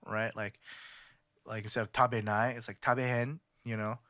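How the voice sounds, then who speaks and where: A man's voice: fairly low pitch, level tone, moderate pace, bright, forceful tone, dry recording, clean studio sound. Rambling young man on a podcast. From California. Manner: rambling, many fillers and restarts. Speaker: podcast co-host. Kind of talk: casual podcast chat.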